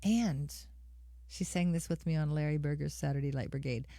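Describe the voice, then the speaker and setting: A woman's voice: low-pitched, moderate pace, gravelly, mellow, no echo. A middle-aged woman hosting a live music stream, chatting casually with viewers and calling them by name. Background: guitar accompaniment.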